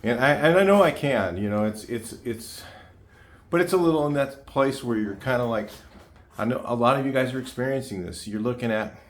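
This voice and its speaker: A man's voice: medium pitch, brisk. A man in his sixties chatting casually to his viewers, rambling with lots of fillers and restarts. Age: 60s. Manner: chatty, repeats himself, frequent fillers and restarts. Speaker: car channel host. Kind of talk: casual rambling talk to camera. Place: home garage.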